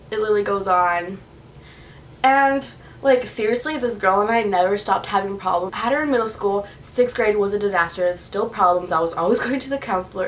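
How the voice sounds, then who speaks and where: A young woman vlogger telling a casual storytime, acting out every quote with sudden jumps in pitch. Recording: slightly distant mic with faint noise.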